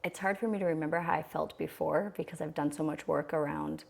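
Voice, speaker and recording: A young woman with a low voice tells her birth story in an interview. Her tone is candid and reflective, with frequent restarts. A gravelly fry runs through her speech. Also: fairly even intonation, fast, darkish tone. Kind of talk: conversational storytelling.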